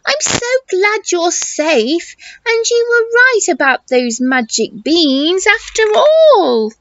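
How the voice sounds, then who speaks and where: A woman's voice: very high voice, very animated, slow, fairly bright tone, full character voice. Woman playing a gushing relieved mother. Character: boy's relieved loving mother. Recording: muffled recording with hiss.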